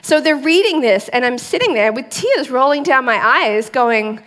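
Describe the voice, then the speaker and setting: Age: adult. Sex: woman. Role: church speaker. Pitch: fairly high. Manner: lively, quizzing the congregation. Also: normal speed, few pauses. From outside the United States. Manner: lively, quizzes the audience with questions. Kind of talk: sermon.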